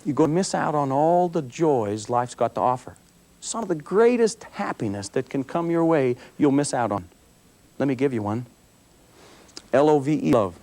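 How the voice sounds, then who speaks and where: A man's voice: mid-range voice, normal speed. A middle-aged man, a police officer, giving a motivational talk to a school assembly and acting out his stories with humor. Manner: animated storyteller, acting out scenes with humor. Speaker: police officer speaking to students.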